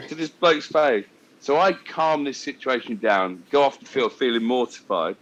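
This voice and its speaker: A man telling cricket stories on a podcast, animated and lapsing into voices for the people he quotes. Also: a little high, normal speed, highs cut off, a little hiss or hum. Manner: animated, slips into voices for anecdotes. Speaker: co-host. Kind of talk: casual podcast storytelling.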